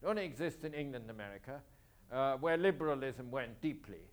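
A man's voice: mid-range voice, lively intonation, fast talker. A man lecturing on history to students, asking rhetorical questions and repeating key points for emphasis.

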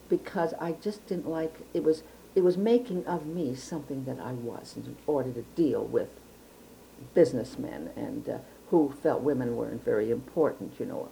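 An older woman from Chicago looks back on her life in an interview, her voice low and mellow. She talks in a careful, precise way and often restarts her sentences. A faint hiss sits under the recording. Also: vocal fry, rough recording. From Chicago, United States. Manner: reflective, precise storytelling with frequent restarts. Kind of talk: oral history interview.

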